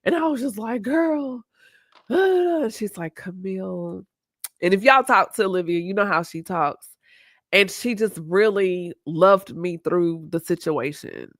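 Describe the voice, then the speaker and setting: A woman's voice: mid-range voice, expressive, unhurried, no room sound. Woman host, candid live-stream chat, reflective and open, dry close sound. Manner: open, reflective, laughs easily.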